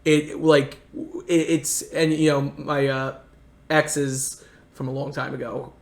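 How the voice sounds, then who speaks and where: A man's voice: medium pitch, little pitch movement, slow pace, vocal fry. A man from the United States telling rambling, earnest travel stories in a casual chat. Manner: earnest, rambling anecdotes with many restarts. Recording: echoey room.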